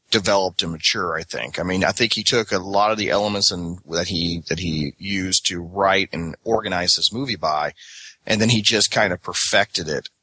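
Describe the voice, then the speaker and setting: Low, husky-voiced podcast co-host. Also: male voice, bright, forceful tone, no room sound. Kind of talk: casual podcast chat.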